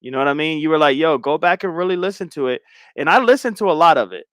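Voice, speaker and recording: Guy hosting his stream, high kinda whiny voice, dry close sound. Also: fast talker, smooth, no room sound. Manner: animated, chatty, slangy. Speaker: show host. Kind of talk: casual livestream commentary.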